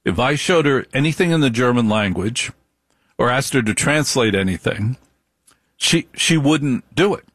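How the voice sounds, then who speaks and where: An American man delivers an animated storytelling monologue about his own life, driving points home by repeating phrases and asking rhetorical questions. His middle-pitched voice is husky and a bit bright, at a normal speed. The recording is close and dry, with no echo or room sound.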